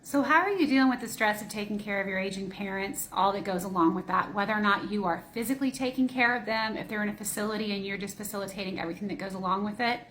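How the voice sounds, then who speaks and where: A weary woman talks about her years as a caregiver in a subdued, plain-spoken way. Her voice is at a middle pitch, with faint noise behind it. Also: fast, hardly any pauses, a bit bright. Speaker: family caregiver. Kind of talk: personal reflection to camera.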